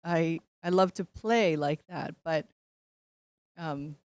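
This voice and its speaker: A woman's voice: sits low, takes it slowly, a little mellow, no room sound. A woman actress being interviewed, chatting casually with frequent laughs and fillers. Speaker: actress guest.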